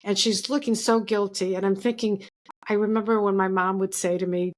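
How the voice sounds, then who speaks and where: A woman's voice: medium pitch, steady tone, moderate pace. A woman animal communicator telling stories in a casual video-call chat, laughing often.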